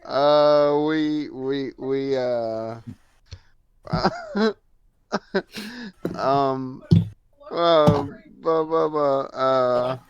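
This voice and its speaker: Slow, halting man on a muffled mic. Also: medium pitch, clean tone. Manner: hesitant and halting, stammering with many fillers. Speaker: player.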